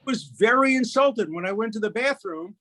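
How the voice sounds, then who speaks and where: A man in his eighties from Brooklyn, a guest telling jokes and stories in a lively, punchy way. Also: sits high, moderate pace. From Brooklyn, USA. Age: 80s. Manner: lively raconteur, punchy delivery. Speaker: guest, lawyer. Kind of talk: animated storytelling, joke-telling chat.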